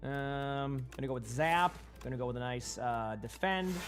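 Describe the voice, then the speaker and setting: A man's voice: medium pitch, lively intonation, moderate pace. A young man with a Boston accent giving casual, rambling live-stream commentary while playing and chatting with viewers on a headset mic.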